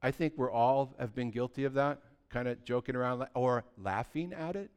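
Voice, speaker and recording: A middle-aged man preaching a sermon as pastor, conversational and animated, full of rhetorical questions. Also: medium pitch, normal speed, clear, resonant tone.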